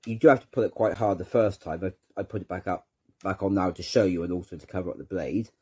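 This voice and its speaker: Low husky man giving a how-to demo. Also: fast, dark tone. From United Kingdom. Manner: hesitant, repeats words while handling the object. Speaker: channel host demonstrating a product. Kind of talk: unscripted how-to demonstration.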